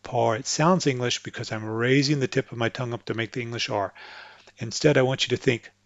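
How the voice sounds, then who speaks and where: A patient man walks English speakers through French pronunciation, repeating words slowly to demonstrate each sound. His voice sits at an ordinary middle pitch and is close and dry, with a slightly dull, lo-fi tone. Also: fairly even intonation, dry recording. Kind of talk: instructional explanation with spoken examples.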